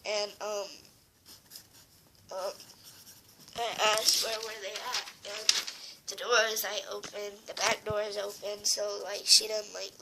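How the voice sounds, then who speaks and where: A woman's voice: mid-range voice, heavy background noise. A teenage girl tells a sad story to the camera, tearful and rambling with lots of fillers. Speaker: vlogger.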